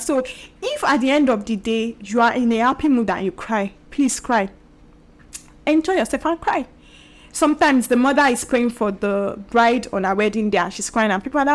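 A woman hosting a solo podcast, talking earnestly and emphatically and acting out the voices she quotes. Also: fairly high pitch. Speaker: podcast host.

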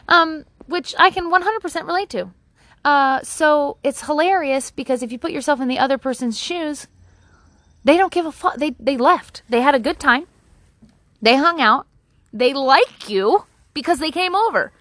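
A woman with a slightly higher voice gives loose, candid advice in a rambling monologue, swearing as she goes. She talks outdoors in her own yard. The sound is dry and close, with no room echo. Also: moderate pace, a bit bright. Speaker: vlogger.

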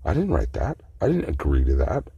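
A man's voice: extremely low pitch, huge pitch swings, fairly quick, creaky, mellow, breathy edge, no echo, highs cut off. A man in a casual monologue, telling about a meeting in a profane, agitated rant.

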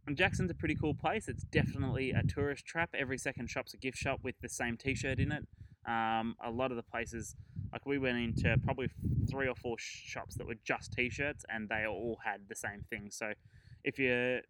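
A man's voice: medium pitch, steady tone, moderate pace, a bit bright, a little hiss or hum, poor audio. A man hosting a travel podcast, chatting casually and rambling through his trip stories with fillers and chuckles.

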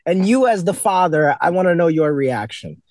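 Young man, high voice, dry close sound, blunt profane storyteller, podcast co-host. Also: animated, moderate pace, a little mellow, no echo. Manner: blunt, profane storytelling, acts out kids' lines. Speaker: podcast co-host, substitute teacher. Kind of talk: casual podcast chat.

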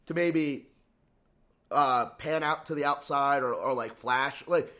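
A man co-hosting a casual sports podcast, excitable, stumbling over restarts and swearing freely. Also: medium pitch, slow pace. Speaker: podcast co-host.

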